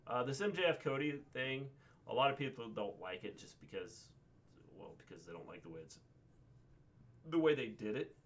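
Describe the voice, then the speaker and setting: A man co-hosting a casual livestream recap, talking in a measured way with frequent hesitations and "um"s. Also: mid-range voice, expressive, lo-fi sound. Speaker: co-host.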